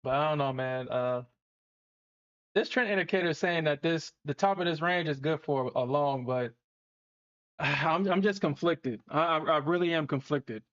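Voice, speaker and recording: Hosting a live trading stream, this man speaks at a moderate pace in a voice on the high side. He's animated and casual, swearing freely and laughing a lot, all over dull, lo-fi audio.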